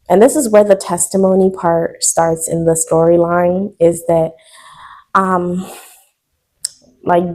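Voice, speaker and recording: Woman in her 20s, slightly low voice, emotional storytime vlogger chatting to camera. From United States. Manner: chatty, addresses viewers directly, emotional. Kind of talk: casual storytime vlog.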